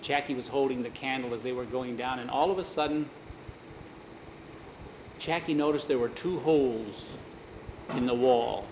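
A man's voice: mid-range voice, moderate pace, pauses often, roomy sound, muffled recording, background noise. A man telling a spooky story aloud, casually repeating "he says" between quotes. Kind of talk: oral storytelling.

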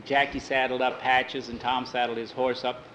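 Man telling a homespun western tale, mid-pitched, relaxed and folksy. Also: moderate pace, slight background noise, rough recording. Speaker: storyteller. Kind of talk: oral storytelling.

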